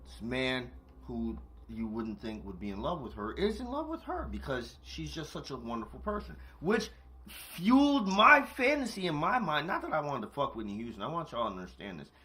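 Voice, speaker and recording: A man's voice: mid-range voice, sing-song, fairly quick, few pauses, fairly bright tone. A man hosting a late-night monologue, talking straight to his listeners, swearing freely, laughing often and repeating points for emphasis. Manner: talks to listeners directly, repeats himself for emphasis. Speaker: podcast host. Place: at home, eating with a cat nearby.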